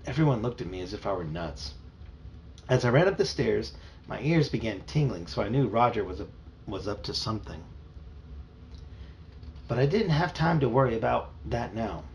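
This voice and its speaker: A man reads a children's novel aloud in a plain storytelling style, making a few small slips. His lowish, creaky voice is animated at normal speed with frequent pauses, captured in a muffled home recording with faint hiss.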